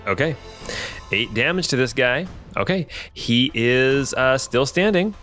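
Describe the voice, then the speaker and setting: A man's voice: medium pitch, animated, a little slow, fairly bright tone, faint music behind. Man narrating as game master. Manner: thinking aloud with frequent ums and restarts.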